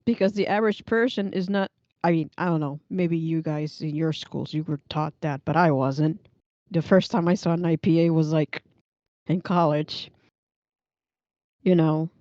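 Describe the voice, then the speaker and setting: Chatty young woman with a smooth, mellow voice. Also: sits low, steady tone, moderate pace, no room sound, dull audio. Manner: chatty, rambling, laughs often. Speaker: livestream host reading chat. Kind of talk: casual stream chat.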